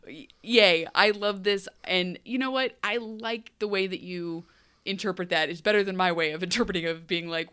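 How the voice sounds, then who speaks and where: A woman co-hosting a podcast, chatting casually about a TV show, laughing often and acting out characters in quick asides. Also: mid-range voice, a bit bright, clean tone. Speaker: podcast co-host. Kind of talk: casual chat recapping a TV show.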